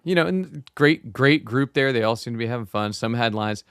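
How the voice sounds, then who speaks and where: Smooth-voiced man in casual podcast chat. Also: medium pitch, animated, brisk, a bit bright, no room sound, clean studio sound. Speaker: podcast co-host.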